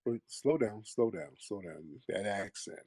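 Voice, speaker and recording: A man's voice: fairly low pitch, animated, measured pace, mellow, breathy edge, no echo, clean studio sound. A man hosting a call-in talk show, blunt and combative, mocking his callers. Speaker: host.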